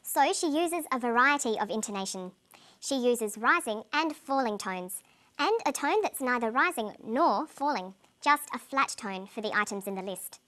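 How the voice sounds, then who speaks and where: A woman narrating a scripted English lesson, explaining clearly and plainly. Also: a little high, animated, normal speed, bright, forceful tone. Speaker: English teacher.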